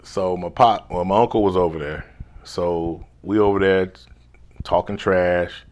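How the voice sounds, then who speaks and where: A man, a life coach, telling a personal story in a laid-back, slangy way, now and then dropping to a hushed whisper. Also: deep voice, steady tone, unhurried. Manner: drops to a hushed whisper when replaying his inner thoughts.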